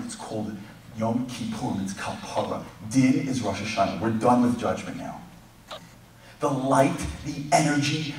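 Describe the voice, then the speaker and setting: A man giving a lively inspirational talk to a congregation, swinging from loud to hushed, heard in an echoey hall from a distance. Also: fairly high pitch, slight background noise. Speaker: guest speaker.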